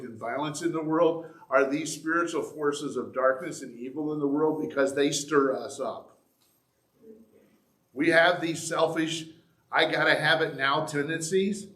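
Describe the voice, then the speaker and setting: A man's voice: a little high, fairly bright tone. A middle-aged male pastor giving a conversational sermon with asides and restarts in a church sanctuary. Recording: echoey church room.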